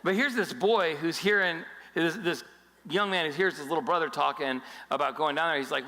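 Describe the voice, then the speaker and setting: A male pastor giving a sermon in an animated storytelling style with jokes along the way. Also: on the high side, a little fast, in a large hall.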